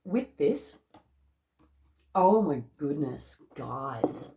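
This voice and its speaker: A woman talks through a tarot reading in a loose, chatty way, with lots of fillers and frequent laughs. Her voice sits a little low and has a gravelly, fry-laden edge. She is casual and emotional. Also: animated, moderate pace. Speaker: tarot card reader. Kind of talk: casual spiritual reading to camera.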